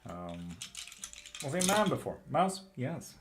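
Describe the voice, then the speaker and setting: A man's voice: mid-range voice, very animated, unhurried. Male tarot streamer from Sweden, casual and a bit crude, room noise audible. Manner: swears casually, laughs often. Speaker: tarot reader on a live stream. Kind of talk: casual live-stream chat, reading viewer questions. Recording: clear background noise with keyboard clicks.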